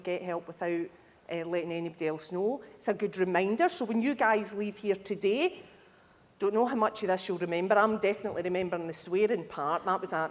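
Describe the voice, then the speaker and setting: A woman speaking to a live audience at a conference, lively and candid, with humorous asides. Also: mid-range voice. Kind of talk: conference talk. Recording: hall reverb.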